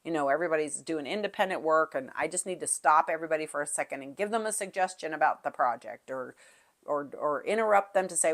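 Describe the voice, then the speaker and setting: A woman's voice: low voice, fast. A middle-aged woman music teacher talking through classroom tips in a chatty way, singing out short call-and-response rhythms as she goes. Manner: chatty, demonstrates calls and rhythms aloud.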